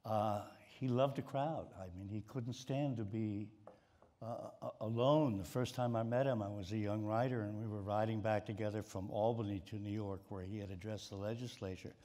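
An older sports writer, a guest from Baltimore, narrates stories on stage for a live audience in a mid-Atlantic American accent, repeating words often. His voice is on the low side and dark, with fairly even intonation at normal speed.

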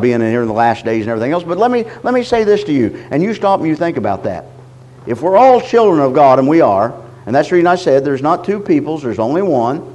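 A middle-aged man preaching a sermon, reading scripture slowly and deliberately, often stopping to repeat his words. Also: a little high, darkish tone, low-quality recording. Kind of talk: sermon teaching.

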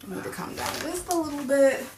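A woman's voice: sits high, fairly quick. A woman hosting a casual chat, playful and laughing often. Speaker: host. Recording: roomy, distant, noisy.

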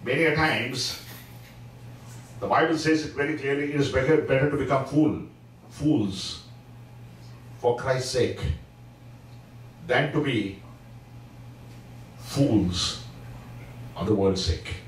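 Slow-preaching man in an echoey hall. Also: medium pitch, slight background noise. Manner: slow, emphatic preaching with fillers. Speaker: Sabbath School teacher. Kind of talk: church Bible-study sermon. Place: church hall. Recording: echoey hall, mic at a distance.

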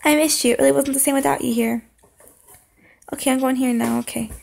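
A young woman playing a horror game, talking to the screen, singing along and yelling when scared. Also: high-pitched, fairly even intonation, a little fast, vocal fry. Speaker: gaming channel host. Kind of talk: horror game let's play commentary.

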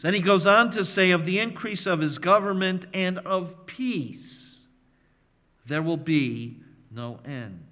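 A man preaching a sermon as pastor, emphatic and measured, leaning on repeated phrases. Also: high-pitched, a bit bright. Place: church sanctuary. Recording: long reverb of a church hall.

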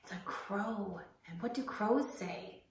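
A woman leading a children's circle time, singing an animal song in a slow, animated, sing-song way. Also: mid-range voice. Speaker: early-years program leader. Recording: echoey room.

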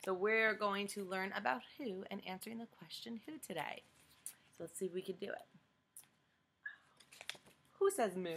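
A young woman with a bright, clear voice reads a picture book to small children. She coaxes them with questions and drops into hushed whispers before each answer. Faint noise sits under the recording. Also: medium pitch, normal speed, pauses often. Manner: questioning, coaxing children to guess; dramatic hushed whispers for suspense. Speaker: teacher reading a picture book aloud. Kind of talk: read-aloud for young children.

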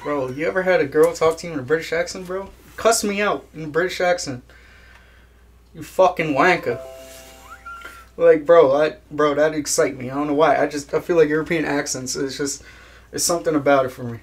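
A man's voice: on the high side, fast talker, a little hiss or hum. A young man chatting casually in an interview, laid-back, swearing a lot and laughing at his own jokes. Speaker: guest musician.

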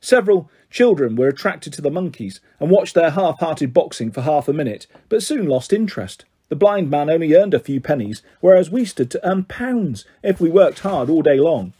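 Man, storyteller, children's novel reading, husky, high-ish voice. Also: normal speed, few pauses. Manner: steady first-person narration, voices for the characters.

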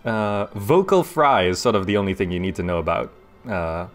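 Chatty man narrating a game, low voice. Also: expressive, moderate pace, faint music behind. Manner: chatty, laughs often, talks through his thoughts aloud. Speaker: gaming YouTuber. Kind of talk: casual let's-play commentary. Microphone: desk microphone.

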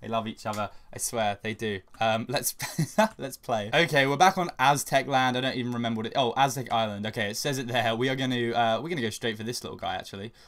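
A young man giving casual, chatty commentary over a video game he is playing, getting loud and swearing when under attack. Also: mid-range voice, fast. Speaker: gaming channel host.

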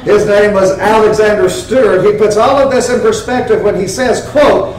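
A man's voice: sits high, steady tone, moderate pace, few pauses, far from the mic. A pastor preaching a sermon in a church, earnest and emphatic, putting rhetorical questions to his congregation. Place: church sanctuary. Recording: very echoey church, heard from afar.

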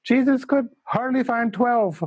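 A man's voice: very high voice, unhurried, slightly rough, no echo, pitched above the performer's own voice, full character voice. A man imitating an older male Indian spiritual teacher with an Indian English accent, repeating a solemn point emphatically. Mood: solemn insistence.

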